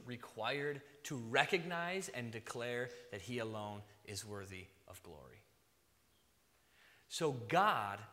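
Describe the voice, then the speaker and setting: A man who is a father, preaching a sermon, swinging between loud emphasis and soft near-whispers. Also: sits high, in a large hall. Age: young adult to middle-aged, a father.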